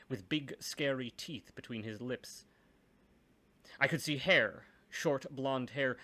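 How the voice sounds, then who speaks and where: A man's voice: medium pitch, fairly bright tone. A man reading a first-person story aloud, with dry, wry asides.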